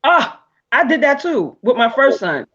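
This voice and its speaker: Animated woman telling stories, dull audio. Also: high-pitched, a little slow. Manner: animated, laughing, frequent restarts and fillers. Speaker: guest speaker. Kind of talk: casual storytelling on a live talk show.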